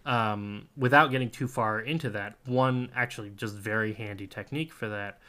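Guy cohosting a tabletop podcast, bright voice, loose rambling chat, laughs a lot. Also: on the low side, normal speed. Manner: laughs often, relaxed and rambling. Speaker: podcast co-host, game master. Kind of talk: casual chat.

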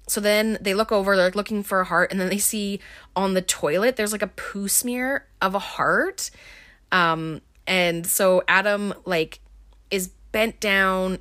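Chatty woman, lowish voice, casual movie recap host, lots of filler words, dry asides. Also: fairly bright tone. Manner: wry, offhand asides. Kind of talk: casual film plot recap.

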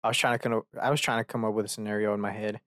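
A man's voice: lowish voice, flat delivery, rapid-fire, fairly bright tone, dry recording, studio quality. Profane rambling young man. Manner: profane, rambling storyteller who acts out characters. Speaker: podcast host. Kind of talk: casual rant.

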